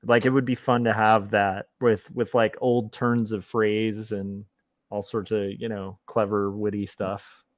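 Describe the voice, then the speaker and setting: A man hosting a livestream, chatting casually and thinking out loud while he draws comics. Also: lowish voice, level tone, measured pace, no echo. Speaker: livestream host and comic artist. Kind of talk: casual chat while drawing.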